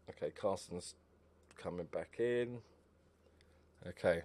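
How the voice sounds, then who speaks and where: A man's voice: medium pitch, animated, normal speed. A man giving casual live commentary over a football management game, chatting away and cheering on his players aloud.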